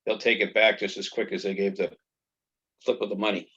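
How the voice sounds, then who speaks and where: A man with a low, husky voice explains things plainly from experience. He comes through on a dull, lo-fi line. His tone stays matter-of-fact. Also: level tone, brisk, a bit bright. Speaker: training call participant. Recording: dull, lo-fi call audio.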